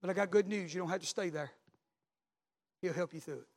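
A man, a pastor preaching a sermon, telling a story and then building to loud repeated calls. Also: sits high, brisk.

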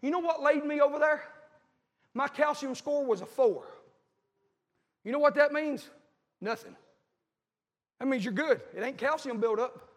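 A man's voice: very high voice, moderate pace, long pauses. A man preaching a fervent, folksy sermon and calling out to his congregation. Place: church with a congregation. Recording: echoey hall.

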